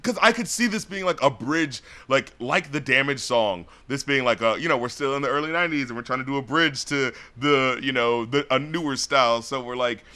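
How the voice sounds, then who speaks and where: A man co-hosting an album-review podcast, talking in rambling, animated casual chat with frequent laughs. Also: mid-range voice, fairly quick, hardly any pauses. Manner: animated, rambling, laughs often, acts out rap lines.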